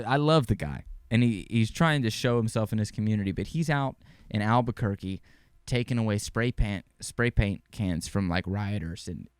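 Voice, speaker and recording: Rambling young man with smooth voice. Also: medium pitch, dry recording. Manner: rambling, excitable, swears casually. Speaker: podcast host. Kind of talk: casual sports chat.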